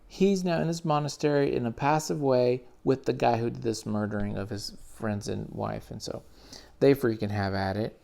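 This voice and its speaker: A man's voice: medium pitch, normal speed, gravelly, a little mellow. A man enthusiastically retelling a comic book story in casual, slangy commentary with frequent swearing. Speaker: comics reviewer.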